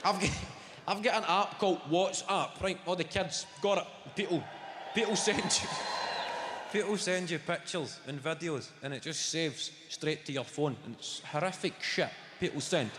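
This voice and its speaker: A man with a Scottish accent doing a sweary, animated stand-up routine full of mock voices. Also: a little high, moderate pace. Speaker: stand-up comedian. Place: comedy venue with live audience. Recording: roomy live venue with loud audience noise.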